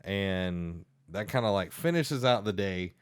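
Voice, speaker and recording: A man's voice: low-pitched, expressive, smooth, no room sound, clean studio sound. A young man co-hosting a casual podcast, retelling a book and acting out the characters' lines with laughter. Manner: laughing, acts out characters' lines in quick bursts. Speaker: podcast co-host.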